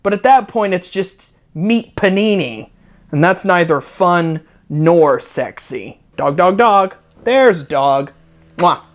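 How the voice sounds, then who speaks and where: A man's voice: high-pitched, animated, slow pace. A man hosting a comedic review video from home, ranting in a sarcastic, profane, rambling way. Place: at home with a dog.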